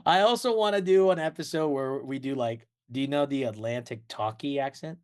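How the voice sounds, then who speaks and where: A man's voice: mid-range voice, fairly quick, a little mellow, clean tone. A man co-hosting a podcast in casual chat, rambling and laughing often. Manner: rambling, laughs often, slips into playful voices. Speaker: podcast co-host.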